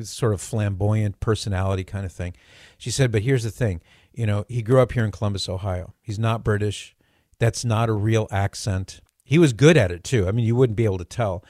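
A middle-aged man hosts a talk show in a low voice, swapping anecdotes in a chatty way with halting restarts. The sound is dry and close, with no room around it. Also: a little mellow, no room sound. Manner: chatty storyteller with hesitant restarts and chuckles. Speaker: radio talk show host. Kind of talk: casual talk radio chat.

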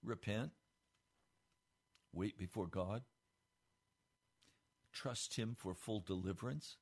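A male pastor delivering a radio sermon, building to emphatic peaks and then dropping low and quiet. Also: takes it slowly, breathy edge.

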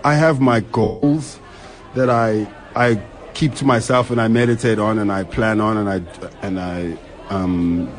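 A man in his thirties, a stand-up comedian chatting as an interview guest, rambling with many restarts and quick laughs. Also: on the low side, fairly even intonation. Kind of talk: casual interview chat.

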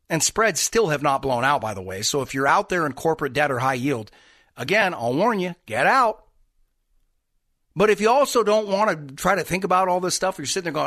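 A middle-aged man hosting a financial talk radio show, giving animated, conversational market commentary straight to his listeners. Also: fairly high pitch, fairly quick, no echo, clean studio sound.

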